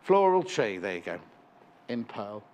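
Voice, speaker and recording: A man's voice: fairly low pitch, sing-song, unhurried, a little mellow. A man presenting live on a shopping channel, chatting and joking in rambling asides. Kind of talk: live TV sales chat. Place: TV studio.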